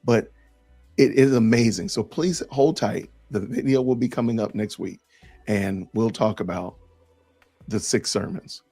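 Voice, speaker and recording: Gravelly-voiced man, emphatic podcast host. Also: on the low side, measured pace, warm tone, faint music behind. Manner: emphatic, sarcastic. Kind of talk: casual commentary reading comments.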